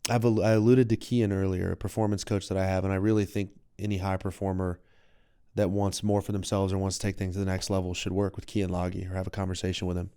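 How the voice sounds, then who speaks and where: Guest casting: young man, wellness coach, reflective and animated; low, smooth, mellow voice, dry close sound. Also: no echo. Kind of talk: casual podcast conversation.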